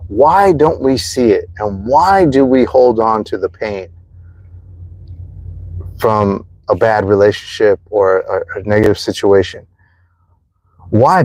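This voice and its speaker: A man hosts a livestream giving life advice, speaking earnestly and repetitively about forgiveness and addressing his viewers directly in a motivational way. His voice is medium-pitched with a darkish tone, and the recording is dry.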